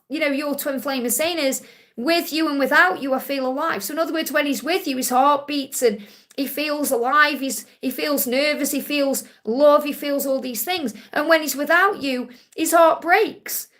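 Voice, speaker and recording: A woman hosting a live psychic question-and-answer stream, gently reassuring and ending her points with a soft "okay?". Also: sits high. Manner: relays messages in first person with emphatic repetition.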